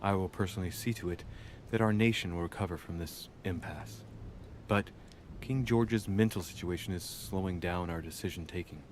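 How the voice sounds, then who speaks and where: An actor playing a young aristocratic man who reads formal letters aloud in a measured, courtly way. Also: deep voice, slight background noise, natural voice. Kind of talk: game voice acting.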